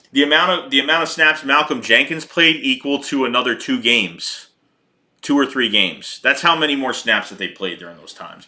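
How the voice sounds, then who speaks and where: A man's voice: medium pitch, pushed and bright. A man hosting a casual fan show, ranting heatedly and profanely about his team, often repeating himself. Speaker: sports podcast host reading chat.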